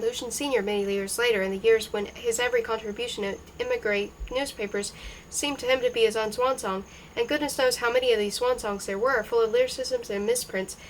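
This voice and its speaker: A woman's voice: on the high side, fairly bright tone, slight background noise, low-quality recording. Woman reading a novel aloud. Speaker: reader.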